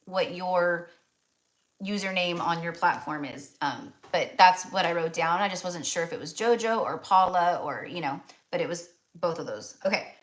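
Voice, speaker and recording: A woman's voice: on the low side, moderate pace, a little hiss or hum. A woman hosting a live tarot reading stream, chatty and affectionate, talking with many fillers and checking in with "okay?".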